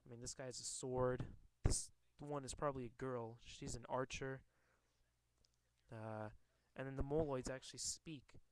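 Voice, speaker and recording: A man casually walks through a comic page by page, reading it aloud and commenting. He stumbles often and goes back to reread lines. His voice is smooth and clear, with an average male pitch. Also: fairly even intonation, no room sound, poor audio. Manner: halting, rereads and corrects himself. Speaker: comic reader.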